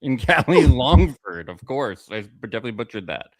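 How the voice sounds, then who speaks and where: A man's voice: mid-range voice, sing-song, brisk, dry recording. A man co-hosting a podcast, chatting casually and animatedly, swearing freely. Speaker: podcast co-host.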